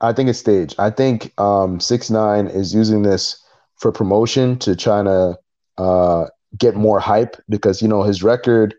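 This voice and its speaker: A man co-hosting a podcast in casual chat, retelling events in an animated way and acting out what people said. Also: fairly low pitch, unhurried. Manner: animated storytelling, acting out quotes. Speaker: podcast co-host. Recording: dull lo-fi recording.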